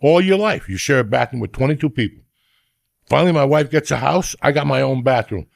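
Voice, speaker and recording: A man's voice: mid-range voice, expressive, fairly quick, vocal fry, no echo. A middle-aged man, hosting a podcast and telling a profane, rambling comedic rant. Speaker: podcast host.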